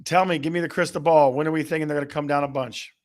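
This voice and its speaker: A man's voice: fairly high pitch, fairly even intonation, racing. A man hosting a casual live-stream chat, playful and teasing as he banters with viewers. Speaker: host.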